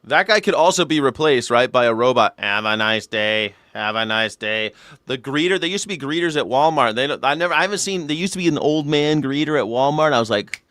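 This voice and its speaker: A man's voice: a little high, animated, fast talker, hardly any pauses, a bit bright, dry recording, clean studio sound. A man hosting a reaction show, joking and cursing through casual commentary. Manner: joking, riffs into mock old-man voices. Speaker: news reaction show host.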